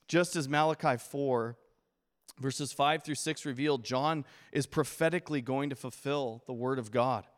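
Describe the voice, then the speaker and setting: A man preaching a sermon as pastor, animated and playful, acting out the voices he quotes with humor. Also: medium pitch, normal speed, long reverb tail.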